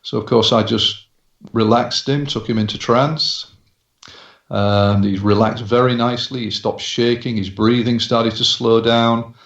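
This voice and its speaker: A hypnotherapist being interviewed who tells his story in a measured way with frequent hesitations. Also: mid-range voice, reverberant, muffled recording. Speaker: hypnotherapist guest.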